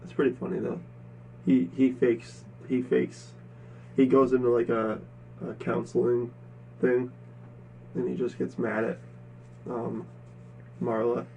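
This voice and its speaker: A man's voice: mid-range voice, level tone, unhurried, creaky, long pauses, a little mellow, slight background noise, low-quality recording. A young man co-hosting a podcast, chatting casually and joking between laughs. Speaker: podcast co-host. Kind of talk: casual chat.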